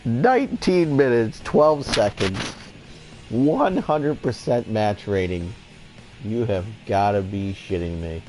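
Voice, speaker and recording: A man giving excitable, profane play-by-play commentary on a wrestling video game as he plays, laughing often. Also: fairly low pitch, slow, rough recording. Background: game music.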